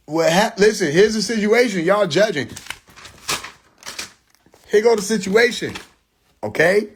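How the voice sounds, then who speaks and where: A man's voice: high voice, very animated, takes it slowly, pauses often, slightly rough. A man hosting a live social media stream from his phone, telling a story in loose slang with frequent laughter. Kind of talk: casual live stream monologue.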